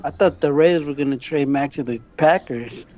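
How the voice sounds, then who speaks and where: A man's voice: on the high side, a little fast, darkish tone, dull audio. A man calling into a sports talk stream, speaking bluntly and swearing casually. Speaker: caller and moderator.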